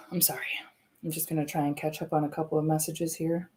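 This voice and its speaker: A woman's voice: deep voice, little pitch movement, brisk, a bit bright. A woman hosting a livestream, speaking in a heated, confrontational way and swearing often. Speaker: livestream host. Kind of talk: angry livestream address.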